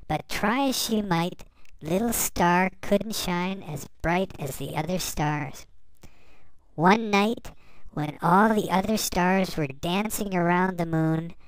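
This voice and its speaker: A woman reading a bedtime story aloud to young children, gently and slowly. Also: lowish voice, smooth, dry recording, poor audio. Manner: gentle, slow, addressing children.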